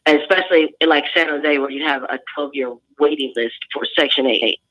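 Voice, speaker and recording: A woman's voice: deep voice, a little fast, a bit bright, muffled recording. A woman veteran from California, speaking as a guest on a talk show in earnest bursts, often restarting her sentences. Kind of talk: phone-in talk show interview.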